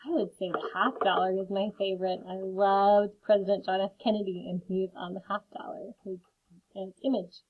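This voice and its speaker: Her delivery is flat and a touch quick, her pitch mid-range, as she teaches children phonics. She breaks words down carefully and tosses in friendly little asides. The recording sounds lo-fi, like it came through a phone.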